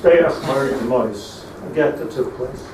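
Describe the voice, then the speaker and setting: Echoey distant rabbi preaching. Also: male voice, medium pitch, normal speed, noisy background. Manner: storytelling, mixes Hebrew terms into English, rises to emphatic peaks. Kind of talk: sermon on lamentations. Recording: echoey room, mic at a distance, faint ambience.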